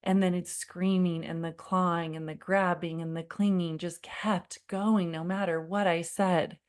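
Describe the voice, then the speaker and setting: A woman in her thirties leading a live online parenting workshop, telling a personal story in a warm, confiding way and calling viewers "friend". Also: lowish voice, level tone, measured pace. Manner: acts out her own past pleading in quoted lines.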